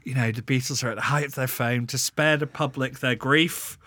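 A man with a bright, forward tone walks through a tale in relaxed conversation. He hedges with fillers and chuckles along the way. The recording is close and dry. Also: mid-range voice, brisk, dry recording. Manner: amused, laughs often, hesitant fillers. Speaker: podcast co-host presenting a topic. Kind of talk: casual conversational storytelling.

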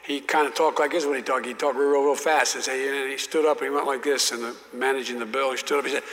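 A man's voice: mid-range voice, fairly even intonation, fast, creaky, big-room sound, background noise. An older man telling stories as an interview guest, with frequent restarts and repeated words. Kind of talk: storytelling in an interview.

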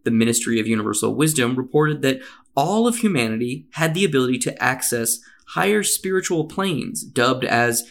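A man hosting a comedy podcast, reading a story aloud with a wry, measured delivery. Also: mid-range voice, lively intonation, creaky. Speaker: podcast host.

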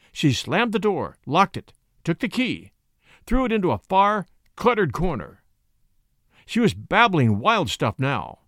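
An expressive male narrator reading a suspense story, his pitch swinging widely from phrase to phrase. The voice is slightly high for a man and the recording is dry and close. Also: dry recording. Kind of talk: audiobook reading.

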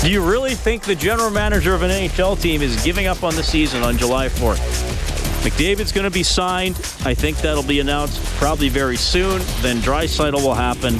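A man's voice: fairly high pitch, brisk, over music. A man hosting a sports radio show, talking casually and telling stories with plenty of fillers. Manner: casual, storytelling, many fillers.

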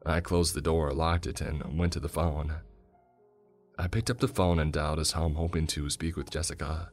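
A man narrating a first-person horror story in a measured storytelling manner. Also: very deep voice.

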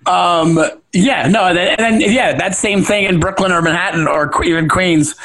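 A man's voice: sits high, moderate pace, a bit bright. A young man co-hosting a podcast in rambling casual chat, often restarting and laughing. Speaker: podcast co-host.

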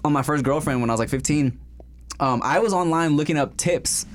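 A man's voice: on the high side, a little fast. A man co-hosting a comedy podcast, chatting crudely and casually with lots of fillers and laughs. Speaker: podcast co-host.

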